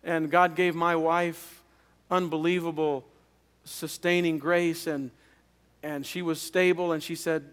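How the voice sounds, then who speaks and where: A man, a pastor, preaching a revival sermon as an earnest personal testimony, often halting and repeating words. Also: on the high side, flat delivery, fairly bright tone, clean tone. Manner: earnest storytelling with halting restarts. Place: chapel. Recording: long reverb of a chapel.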